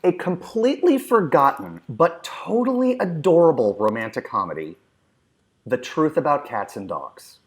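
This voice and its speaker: A man's voice: on the high side, sing-song, moderate pace. A man co-hosting a movie podcast in casual chat, enthusiastic and emphatic with a joking streak. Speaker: podcast co-host.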